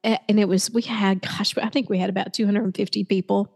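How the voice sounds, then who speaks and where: A woman's voice: mid-range voice, fairly even intonation, quick pace, gravelly, long reverb tail. A woman from Tennessee, telling a family story in casual chat as a co-host and acting out the voices of people she quotes.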